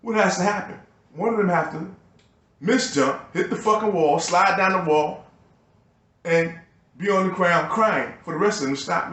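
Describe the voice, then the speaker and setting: A man's voice: sits high, normal speed, a bit bright, echoey room. A man delivering a profane, agitated and bitter ranting monologue to his video channel. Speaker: YouTuber.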